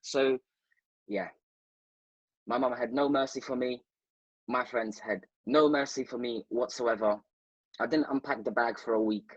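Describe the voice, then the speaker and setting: A man's voice: mid-range voice, a little slow, long pauses, no room sound, highs cut off. A man, a guest, telling a rambling and playful anecdote, talking straight to the listeners. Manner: rambling, playful storyteller who addresses listeners directly.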